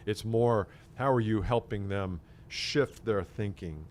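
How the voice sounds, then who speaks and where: A man's voice: lowish voice, slow pace, a little mellow, a little hiss or hum. A man co-hosting a conversational podcast as a sales consultant, thinking aloud and acting out what imagined clients would say. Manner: reflective, makes points by acting out imagined clients.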